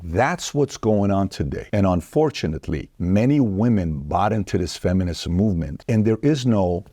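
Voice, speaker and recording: A man hosting an opinion commentary, talking straight to viewers in an animated, mocking way. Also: low-pitched, normal speed, husky, dry recording, clean studio sound. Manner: animated, mocking, acts out quoted women in a raised voice; addresses viewers directly. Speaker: host.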